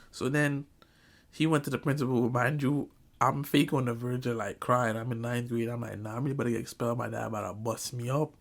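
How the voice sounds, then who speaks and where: A young man from New York telling comic stories from his school days in an animated, slangy way, often breaking into laughter. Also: mid-range voice. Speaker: vlogger. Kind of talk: comedic storytelling.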